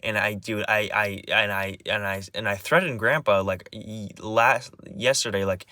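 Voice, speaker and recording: A man's voice: lowish voice, fairly even intonation, normal speed, bright, forceful tone, no echo. Agitated young man, dry close sound. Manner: agitated, rambling, swearing, many restarts. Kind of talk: personal confessional vlog.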